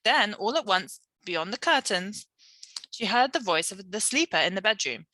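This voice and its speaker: Bright British woman teacher reading aloud. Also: mid-range voice, animated, normal speed, no echo. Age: young adult. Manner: explains words, tag questions like yeah. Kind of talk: reading a children's novel aloud with explanations.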